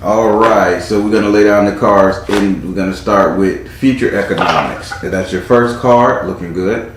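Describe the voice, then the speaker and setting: A man's voice: on the low side, moderate pace. A man hosting a casual live tarot reading, talking informally and calling on spirit as he reads the cards. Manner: chatty and informal, calls on spirit. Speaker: tarot reader and host. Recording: very echoey room with faint noise.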